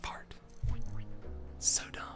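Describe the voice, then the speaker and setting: A young man giving live commentary on his own card game, excitable and muttering, groaning at bad draws. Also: extremely slow, whispered, music in the background. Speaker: gaming content creator.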